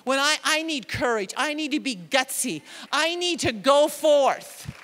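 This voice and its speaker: Woman pastor, animated self-deprecating sermon, high voice, long church reverb. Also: measured pace. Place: church sanctuary with a congregation.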